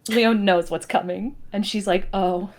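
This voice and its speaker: A woman's voice: fairly high pitch, expressive, a little slow, slight background noise. Woman player in a tabletop game. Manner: casual, laughing. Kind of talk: tabletop role-play.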